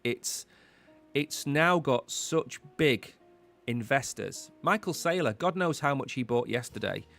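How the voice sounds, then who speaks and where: A man's voice: mid-range voice, expressive, measured pace, creaky, fairly bright tone, soft background music. A man hosting a live market commentary stream, talking in a chatty, rambling way and repeating words while he thinks. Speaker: host.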